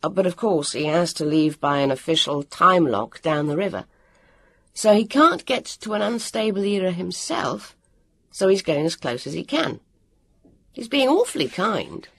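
Brisk bossy boy, as a reader puts him on, eager, a touch raised, storybook. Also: medium pitch, very animated, vocal fry, a bit bright, breathy edge, dry recording, full character voice. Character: eager boy leading a time adventure.

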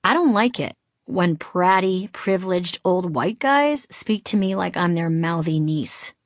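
A woman's voice: lowish voice, expressive, a little slow, no echo. Brief: middle-aged woman from Boston, audiobook memoir, wry and candid, dry close-miked sound. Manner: wry, candid, comic timing. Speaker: author narrating her memoir.

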